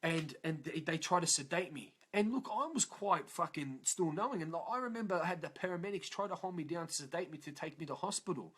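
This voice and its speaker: Aussie male, emotional first-person storyteller, coarse and unpolished, voice a touch higher than most men. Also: animated, a little fast, hardly any pauses, fairly bright tone, breathy edge. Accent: Australian. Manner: raw, profane, emotional, frequent "yeah?" tag questions. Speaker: motivational vlogger.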